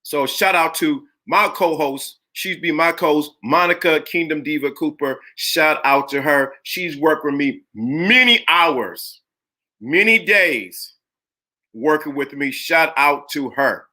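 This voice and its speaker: A man hosting a live-streamed talk show, his voice bright and forceful and pitched a little above the usual male range. He preaches his points emphatically and hammers key phrases over and over. He also calls out viewers in the chat by name. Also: slow pace. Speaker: livestream host.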